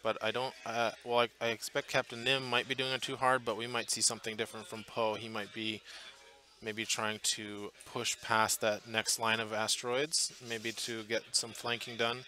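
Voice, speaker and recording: A man's voice: medium pitch, flat delivery, moderate pace, sharp tone, slight background noise. A man commentating live on a tabletop tournament match, chatty and thinking aloud with fillers and restarts, from a booth at the event. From Portland area, US.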